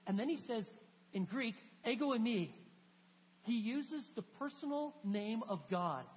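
A woman preaching a sermon, telling a Bible story with animated emphasis and reading scripture aloud. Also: a little high, measured pace. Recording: hall reverb with faint hum.

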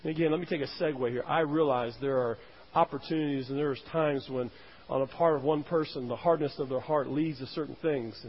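A man's voice: medium pitch, fairly even intonation, a little fast, slightly rough. A man preaching a sermon as a pastor, emphatic, rising and dropping his voice to stress points. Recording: dull, roomy hall sound.

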